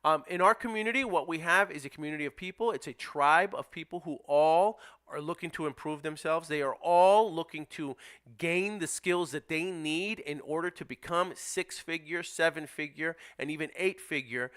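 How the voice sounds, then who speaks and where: A man's voice: moderate pace, fairly bright tone. A man teaching real estate wholesaling, emphatic and direct, acting out lines to sellers. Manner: emphatic, role-plays seller scripts with dropping pitch. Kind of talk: instructional presentation.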